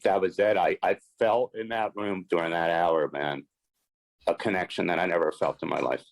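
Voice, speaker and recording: A man with an extremely deep voice speaks as a podcast guest, recounting a personal story with earnest emphasis. He slips into quoted dialogue as he tells it. The sound is dry and close, with no room echo. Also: steady tone, normal speed. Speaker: podcast guest, sports and celebrity agent. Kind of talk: personal recovery story told in conversation.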